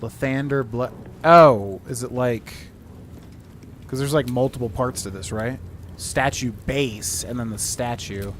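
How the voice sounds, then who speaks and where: Working through a game puzzle on stream, this man chats unhurriedly and thinks out loud, leaning on plenty of fillers. The mid-range voice has a fairly bright tone, with a little hiss or hum behind it.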